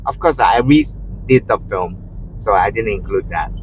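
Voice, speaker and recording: A man in a car telling stories in a rambling, easygoing way. His pitch swings widely as he talks, and he keeps restarting his sentences with "you know." A faint car hum runs underneath, picked up by a camera mounted in the car. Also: lively intonation, measured pace, low-quality recording. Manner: acts out quotes in a raised voice. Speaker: rideshare driver. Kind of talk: casual storytelling while driving. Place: inside a moving car. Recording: faint car road noise.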